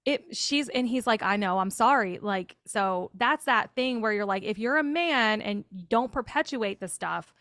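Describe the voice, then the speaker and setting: A woman from Tennessee, a podcast guest from a band, chatting in a lively way with quick asides. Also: a little high, no room sound, studio quality. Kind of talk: casual movie review chat.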